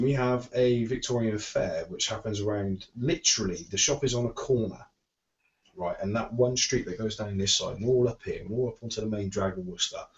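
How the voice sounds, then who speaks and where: Brief: lower-voiced man, chatty co-host who rambles, muffled lo-fi recording. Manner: chatty, rambling, bursts of laughter. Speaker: show co-host and vape shop worker. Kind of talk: casual chat. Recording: dull lo-fi sound.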